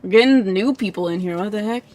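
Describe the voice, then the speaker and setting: A woman's voice: medium pitch, fast, a little mellow. A woman giving live psychic readings in a casual livestream chat, full of "like" fillers, frequent laughs and casual swearing.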